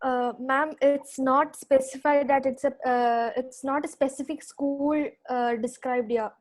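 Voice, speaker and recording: Hesitant high-voiced young woman student. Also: steady tone, a little slow. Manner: hesitant, many fillers.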